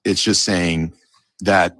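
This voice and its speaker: A man in a casual philosophical debate, talking in an assertive, lecturing way and quick to correct others. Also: deep voice, level tone, a bit bright, dry recording. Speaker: debate panelist.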